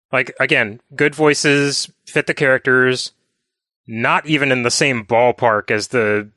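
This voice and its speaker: A man's voice: medium pitch, bright, forceful tone, no echo, clean studio sound. A man in casual podcast chat about video games, thoughtful and meandering, leaning on filler words. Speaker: podcast co-host.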